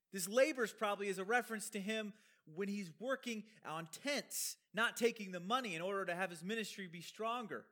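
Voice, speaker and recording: A man's voice: sits high, animated, normal speed, a bit bright. A man preaching an expository sermon, explaining a Bible passage with emphatic rhetorical questions and conversational asides.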